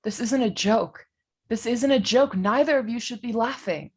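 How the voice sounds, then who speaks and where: A woman's voice: a little high, moderate pace, a little mellow, husky, pitched above the performer's own voice. A woman voicing a panicky young man who pleads frantically, in an amateur comedic audio drama. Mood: panicked.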